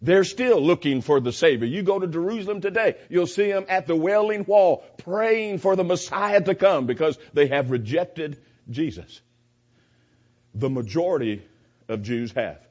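A man's voice: fairly high pitch, expressive, moderate pace, darkish tone. A man giving a verse-by-verse Bible teaching, emphatic and repeating his key points. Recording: dull lo-fi recording.

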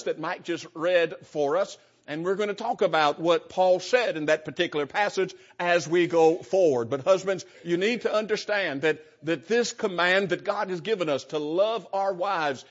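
Emphatic older male preacher, lo-fi recording. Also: high-pitched. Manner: emphatic preaching cadence, repeats words. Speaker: pastor. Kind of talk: sermon. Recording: dull lo-fi sermon recording.

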